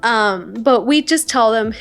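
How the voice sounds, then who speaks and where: A young woman vlogger chatting through a travel story with lots of fillers and animated retellings. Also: a little high, measured pace, vocal fry. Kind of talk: casual storytime. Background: soft lo-fi music.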